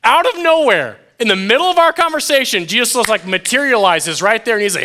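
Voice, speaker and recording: A man's voice: very high voice, moderate pace. A man preaching a casual, conversational sermon as a youth pastor, joking with his listeners and acting out the stories. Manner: animated and jokey, acts out quotes, addresses listeners as "you guys".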